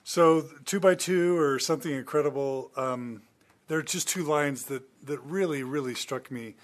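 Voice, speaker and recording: A man's voice: fairly high pitch, moderate pace. A man interviewing a guest casually, starting phrases over as he sets up questions.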